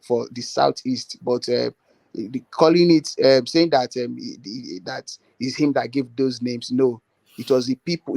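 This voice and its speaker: A man's voice: medium pitch, vocal fry, a little mellow, no room sound. A man earnestly making his case in a political discussion, repeating words and using many fillers.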